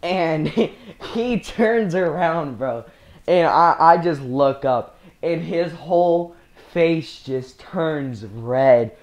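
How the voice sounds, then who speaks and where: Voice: mid-range voice, drawn-out words, a little mellow. A young speaker telling a casual storytime, rambling with slang and frequent laughter. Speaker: storyteller vlogger.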